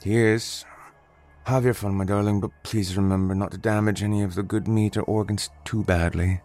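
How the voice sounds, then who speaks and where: A man playing a calm, detached butcher and captor in a horror audio drama, speaking politely and in a measured way. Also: lowish voice, faint music behind, natural voice. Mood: coolly polite. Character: cold, curious male butcher and captor.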